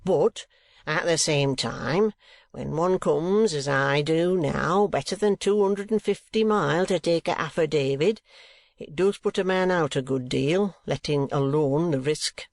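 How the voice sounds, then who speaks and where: A man's voice: fairly high pitch, a little slow, gravelly, no echo, clean studio sound. A man voicing a coarse, evasive middle-aged schoolmaster who talks in ungrammatical rustic speech and pleads his way around hard questions. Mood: wheedling.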